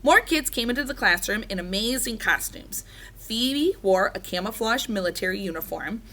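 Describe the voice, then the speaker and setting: A woman reads a children's chapter book aloud in a bright, clear voice. Her pitch swings widely as she tells the story with animated expression. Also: normal speed. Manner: animated, doing character voices. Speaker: reader.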